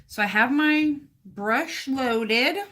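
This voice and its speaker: A woman's voice: high-pitched, drawn-out words, a bit bright. A woman talking through a sewing and painting craft tutorial in a casual, chatty way, speaking straight to the viewer as she works. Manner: chatty, talks to the viewer while working. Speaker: craft vlogger.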